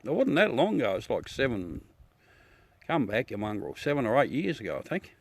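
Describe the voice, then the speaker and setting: A man's voice: mid-range voice, sing-song, a little fast, gravelly, slightly rough. Rambling Australian man chatting live. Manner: rambling and chatty, talks to viewers. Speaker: livestreamer. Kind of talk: casual live chat. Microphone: smartphone.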